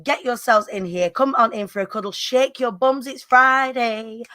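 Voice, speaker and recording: A woman hosts a chatty live-stream, greeting viewers by name with a cheeky, bouncy manner. Her voice is hoarse and husky this morning, yet it still sounds bright and forceful, and the recording is dry and close. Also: fairly high pitch, normal speed, dry recording. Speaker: host. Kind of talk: upbeat live-stream chat.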